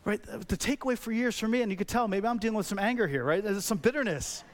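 A fairly high-voiced man preaching a sermon. He speaks like a pastor in conversation with his congregation, tossing out rhetorical questions. His delivery is animated and personal. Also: fast talker.

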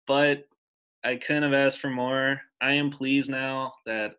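Bright-voiced man in his twenties, enthusiastic. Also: medium pitch, little pitch movement, slow, smooth, muffled recording. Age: 20s. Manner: enthusiastic, emotional, rambling with restarts. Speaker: podcast co-host. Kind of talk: casual chat.

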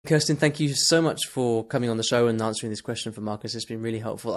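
A male podcast host with brisk, rapid delivery. He keeps an upbeat, friendly tone as he thanks his guest and points listeners to resources. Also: medium pitch, steady tone. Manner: upbeat, friendly wrap-up patter. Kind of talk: casual podcast chat.

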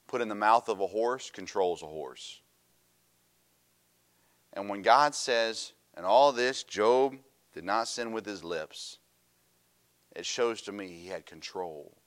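A middle-aged man preaching a sermon, animated and storytelling, swinging from loud emphasis to quiet asides. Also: fairly low pitch.

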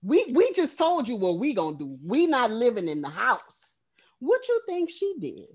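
A woman's voice: fairly high pitch, huge pitch swings, moderate pace, a little mellow, husky. A woman co-hosting a podcast, recapping a horror film in casual, profane storytelling. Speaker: podcast co-host.

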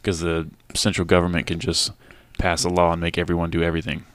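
Fast-talking deep-voiced man, blunt. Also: completely flat delivery, smooth, no room sound. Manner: blunt, opinionated, rambling with many "like" fillers. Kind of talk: casual podcast chat.

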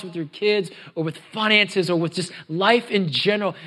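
A man's voice: sits high, moderate pace, few pauses, a bit bright. A middle-aged male pastor preaching in a conversational style, dropping to whispers and groans for emphasis. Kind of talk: sermon.

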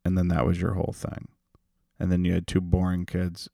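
A young man hosting a solo comedy podcast, ranting in an unhinged way that swings from creepy whispers to loud outbursts. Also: sits low, completely flat delivery, a little fast, vocal fry, no room sound, clean studio sound. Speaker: podcast host.

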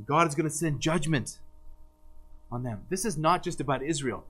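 A man's voice: fairly high pitch, normal speed, fairly bright tone, husky, poor audio. A man preaching a sermon as pastor, earnest and emphatic, with frequent restarts.

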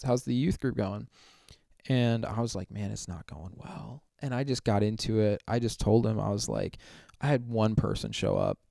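Young man, youth minister guest, smooth clear voice, dry close sound, animated storyteller. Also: medium pitch, no echo. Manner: animated retelling, acting out quotes, many "like" fillers. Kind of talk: casual storytelling interview.

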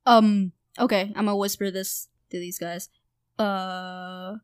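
A woman's voice: medium pitch, flat delivery, takes it slowly, smooth, no echo. A woman playing in a casual tabletop game, chatty and giggly. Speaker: player.

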